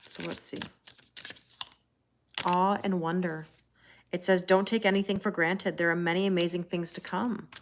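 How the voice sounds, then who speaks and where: A woman's voice: fairly low pitch, steady tone, moderate pace, long pauses, slight background noise. A Canadian woman with a Canadian accent, giving a casual live-stream tarot reading and answering viewer comments. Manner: chatty, laughs often, answers viewer comments. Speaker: tarot reader.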